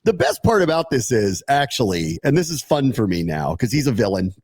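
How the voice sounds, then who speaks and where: Animated ranting man on a sports podcast. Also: mid-range voice, a little fast, dry recording. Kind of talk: casual sports chat.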